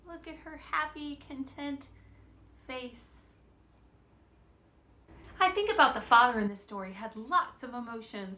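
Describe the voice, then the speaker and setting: A woman in her thirties giving a children's church lesson, gentle and expressive, asking the children questions. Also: on the high side.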